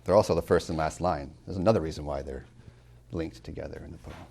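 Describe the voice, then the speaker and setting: A deep-voiced man lecturing on poetry, with a gravelly, fry-laden edge. He swings from loud emphasis to hushed near-whispers, lingering on words he loves. He drops playful asides to his students. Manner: dramatic swings in loudness, drops to near whispers when savoring lines; slow, deliberate emphasis on key words. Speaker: college tutor giving a lecture.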